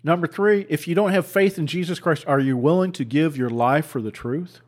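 A man's voice: on the high side, normal speed. A man preaching with heated, repetitive rhetoric and rhetorical questions, often stumbling into restarts. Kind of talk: impassioned preaching commentary.

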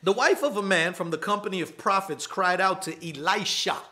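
Man, pastor, sermon, fairly high voice, bright, talks casually, repeats lines. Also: brisk. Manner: conversational preaching, repeats lines for emphasis, laughs often.

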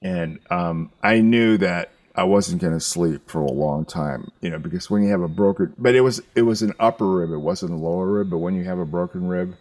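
An older man telling a story in casual chat, halting and rambling, with some swearing. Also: sits low, darkish tone, dry recording.

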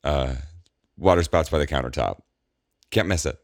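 A man's voice: a bass voice, moderate pace, dry recording, clean studio sound. A man voicing a young woman on a spaceship who speaks bluntly and sounds puzzled.

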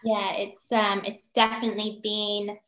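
A woman's voice: medium pitch, level tone, a little slow, fairly bright tone, reverberant. A woman from northeast England, a yoga teacher chatting as a podcast guest over a video call. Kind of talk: casual interview chat. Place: home in Durham, on a video call.

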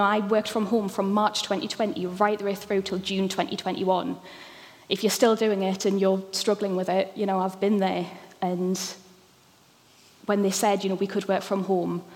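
Woman preaching in a reverberant church hall. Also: mid-range voice. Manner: warm, candid, conversational with frequent ums. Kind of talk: sermon.

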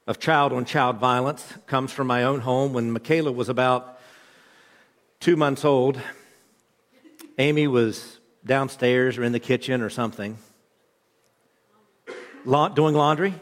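A man's voice: medium pitch, fairly even intonation, unhurried, pauses often, big-room sound. A man in his thirties preaching a sermon, a pastor with a conversational, joking storytelling manner. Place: church hall.

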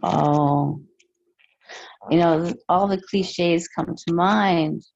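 A woman speaking as a podcast guest, slow and reflective, with hesitant pauses. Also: on the low side, vocal fry, a little mellow, no room sound. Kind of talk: casual interview chat. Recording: dull muffled lo-fi sound.

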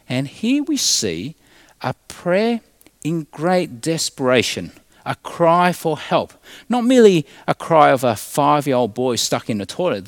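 A man preaching a sermon as pastor, swinging from loud emphasis to hushed, quiet tones. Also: medium pitch, no echo.

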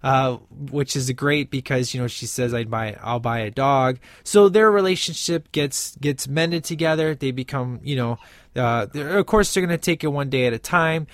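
A man's voice: fairly high pitch, moderate pace, no echo. A man giving a casual spoken film review, rambling with lots of "uh" and "you know" and quoting lines from the movie. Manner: rambling, many fillers, quotes lines from the film.

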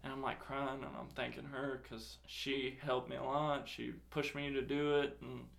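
A man's voice: mid-range voice, normal speed, creaky, slight background noise. Young guy swearing through a story. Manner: swears a lot, animated retelling with quoted dialogue. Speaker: guest telling a personal story. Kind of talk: casual chat, storytelling.

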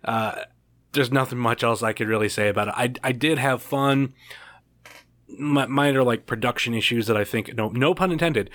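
A man's voice: mid-range voice, moderate pace, fairly bright tone, dry recording. A man hosting a podcast in a loose, rambling way. He swears freely and keeps the talk casual. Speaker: podcast host. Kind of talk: casual chat.

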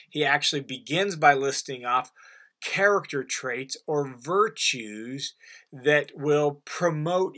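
A man's voice: medium pitch, fairly bright tone. A man teaching through a Bible passage verse by verse in an earnest, emphatic way, with conversational asides. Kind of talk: recorded Bible commentary lesson.

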